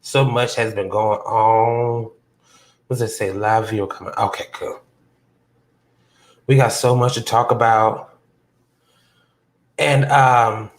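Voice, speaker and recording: A man hosting a casual livestream chat, telling a story from work in an animated way and jumping high in pitch when he quotes himself. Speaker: podcast host. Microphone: phone on a hotspot.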